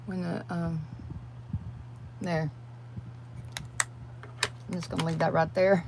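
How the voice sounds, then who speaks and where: Chatty older woman, gravelly voice. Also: fairly low pitch, flat delivery, slow pace, long pauses, darkish tone. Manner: chatty, rambling, talks to viewers as y'all. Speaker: livestream host. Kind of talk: casual livestream chat while doing makeup. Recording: noisy home livestream.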